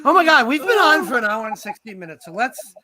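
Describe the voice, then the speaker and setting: A male host in casual chat, excitable and quick to laugh. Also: very high voice, rough recording.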